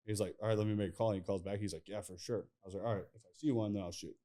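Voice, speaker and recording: A man's voice: fairly low pitch, fairly even intonation, very fast, dark tone. A man hosting a podcast in casual chat, rambling through stories with lots of fillers. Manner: rambling, filler-heavy, laughs at his own stories. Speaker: podcast host.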